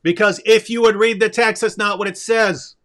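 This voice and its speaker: A man's voice: sits high, steady tone, normal speed, a bit bright. A man co-hosting a religious debate stream, incredulous, drawing out words for emphasis. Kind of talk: casual debate commentary.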